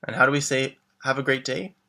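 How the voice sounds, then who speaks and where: A man with a bright, clear voice leads a beginner language lesson. He models each phrase slowly, glosses it plainly, and warmly prompts the listener to try it back. His pitch sits mid-range for a man. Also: level tone. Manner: clear, slow modeled pronunciation with English glosses; encouraging, prompts the learner to answer. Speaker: French teacher.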